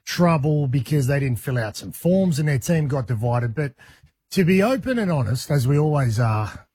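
An Australian man co-hosting a radio show, telling an animated story in casual banter. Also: fairly high pitch, normal speed, husky, dry recording.

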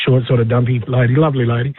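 A man's voice: medium pitch, flat delivery, very fast. A man with an Australian accent phoning in to tell a chatty anecdote over a phone line. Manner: chatty storyteller. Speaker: caller.

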